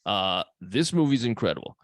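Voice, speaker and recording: A man's voice: lowish voice, animated, moderate pace, dry recording, studio quality. A man co-hosting a podcast in easygoing casual chat, swearing now and then. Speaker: podcast co-host; second grade teacher.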